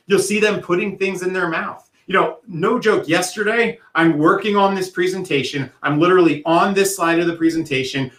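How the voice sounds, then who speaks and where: A man giving a workshop presentation in an earnest, conversational way, slowing down to stress key points. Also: a little high, fairly bright tone, echoey room. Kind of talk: recorded presentation talk.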